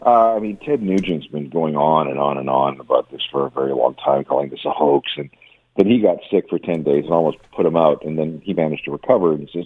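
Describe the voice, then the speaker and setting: Brief: deep, husky-voiced male music commentator calling in by phone, tinny line, animated, stammers. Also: a little fast, no echo. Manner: stammering, repeats words, animated. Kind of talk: phone-in radio interview. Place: lives in Canada.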